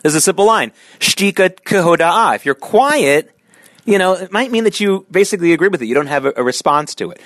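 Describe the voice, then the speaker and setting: A middle-aged man hosting a solo podcast monologue, with an animated delivery that swings from low, tired tones to sharp, emphatic peaks. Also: a little fast, no room sound. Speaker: podcast host.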